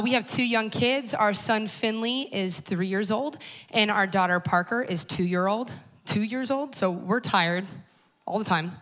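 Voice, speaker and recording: A woman's voice: a little high, pushed and bright. A woman in her thirties giving a personal storytelling talk, conversational and wry, speaking straight to the audience. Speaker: speaker at a church talk series.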